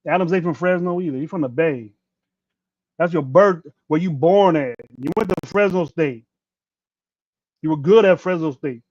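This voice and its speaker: On a casual livestream, a sports podcast host in his fifties rants with heavy profanity, blunt and prone to rambling restarts. His somewhat high, slightly mellow voice moves at a moderate pace and pauses often. There's no echo on the dull, dry lo-fi mic.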